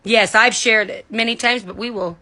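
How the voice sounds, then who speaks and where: A woman delivering a heated, indignant monologue, cussing and swinging between loud outbursts and low muttering, recorded at home in bed. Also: steady tone, normal speed. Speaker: vlogger. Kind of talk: angry ranting monologue.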